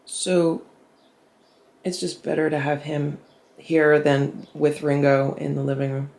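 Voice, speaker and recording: A chatty cat vlogger talks behind a handheld camera at home, with a middling pitch and an easy, everyday tone. The speaker laughs readily and slips into a higher, cooing voice when talking to the cat. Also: level tone, slow pace, vocal fry, a little mellow. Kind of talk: casual vlog commentary while filming. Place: indoors at home. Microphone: handheld camera held by the speaker.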